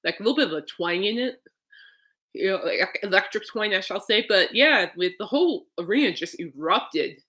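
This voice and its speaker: Bright-voiced chatty woman podcaster. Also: medium pitch, lively intonation, brisk. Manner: chatty and rambling, laughs often. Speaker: podcast host. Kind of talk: casual chat.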